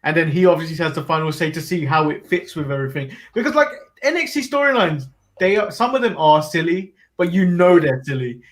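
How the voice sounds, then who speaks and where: A man's voice: fairly high pitch, very animated, brisk, few pauses. A man co-hosting a casual wrestling recap podcast, laughing often and moving the match rundown along. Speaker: podcast co-host.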